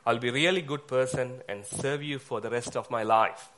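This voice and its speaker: A man voicing a desperate stranded man who shouts and pleads for help. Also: medium pitch, moderate pace, a little hiss or hum, natural voice. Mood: pleading.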